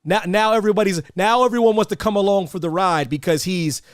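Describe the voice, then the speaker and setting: A man's voice: sits high, fast talker, clear, resonant tone, no room sound, studio quality. A man hosting a casual talk show, arguing emphatically and laughing often. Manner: animated, laughing, emphatic repeats. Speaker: podcast host. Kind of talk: casual chat.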